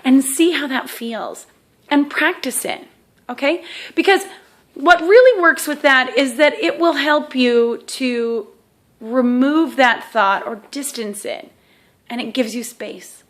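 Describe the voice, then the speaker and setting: A woman's voice: sits high, slow, fairly bright tone. Chatty woman coaching with frequent check-ins. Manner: self-deprecating humor. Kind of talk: teaching a self-help exercise to camera.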